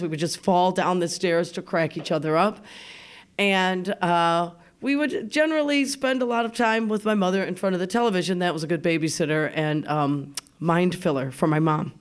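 A woman's voice: lowish voice, moderate pace. A woman telling a funny personal story live on the radio, chatty and laughing often, acting out remembered voices in her own. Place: radio studio.

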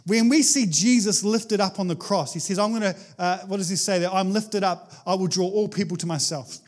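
A man's voice: high voice, a little fast. A man preaching a casual, enthusiastic sermon, talking conversationally with frequent restarts. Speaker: pastor.

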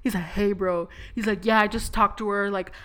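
A woman's voice: mid-range voice, level tone, quick pace, pushed and bright. A woman co-hosting a casual podcast, telling stories candidly with lots of laughter and cursing. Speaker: podcast co-host. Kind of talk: casual chat.

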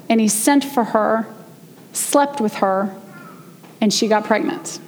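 A woman's voice: on the high side, slight background noise. Woman preaching in a reverberant church. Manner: conversational storytelling, slows down for emphasis. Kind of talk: sermon. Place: church sanctuary.

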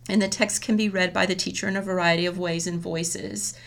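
A woman's voice: fairly low pitch, steady tone, fairly quick, vocal fry. A woman elementary school teacher explaining a classroom method in a friendly, chatty way with frequent laughs. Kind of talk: casual professional chat.

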